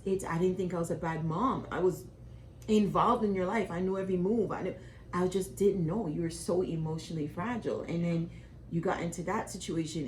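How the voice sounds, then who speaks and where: A woman's voice: lowish voice, a little hiss or hum. A middle-aged woman with a West Indian accent, talking candidly with her daughter and acting out quotes as she tells stories. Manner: emotional, animated storytelling with acted quotes. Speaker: mother and co-host. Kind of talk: candid family conversation.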